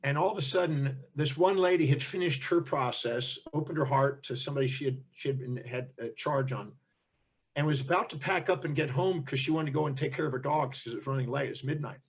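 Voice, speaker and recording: A man's voice: fairly high pitch, a little fast, husky, muffled recording. An older man, a seminar teacher, telling stories in an interview and acting out the voices of the people in them. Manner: animated storyteller, acts out quoted speech. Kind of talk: storytelling in an interview.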